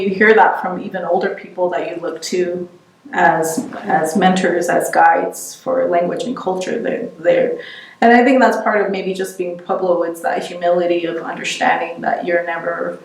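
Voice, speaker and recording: A middle-aged woman giving an oral history interview, reflective and halting, often restarting her sentences. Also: fairly low pitch. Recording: roomy, distant mic.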